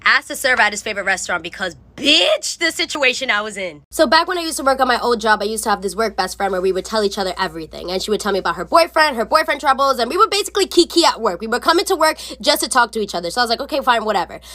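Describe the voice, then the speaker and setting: A woman's voice: on the high side, sing-song, very fast, few pauses, sharp tone. A young woman telling a sassy, profane storytime into her phone in casual slang. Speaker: storytime creator.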